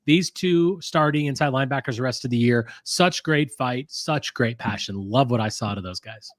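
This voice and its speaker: A man's voice: medium pitch, normal speed, dry recording, clean studio sound. A man co-hosting a casual sports podcast, giving enthusiastic, emphatic analysis. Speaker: podcast co-host.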